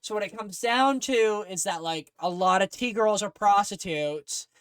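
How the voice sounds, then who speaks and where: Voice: mid-range voice, measured pace, a bit bright, smooth, dry recording. A podcast co-host in casual chat, telling rambling, digressive stories full of fillers.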